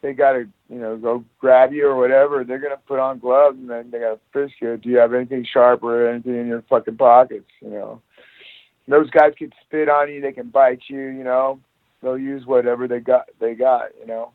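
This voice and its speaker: Profane, animated man on a tinny line. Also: mid-range voice, moderate pace, dry recording. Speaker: guest, jiu-jitsu academy owner. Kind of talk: casual podcast chat, storytelling.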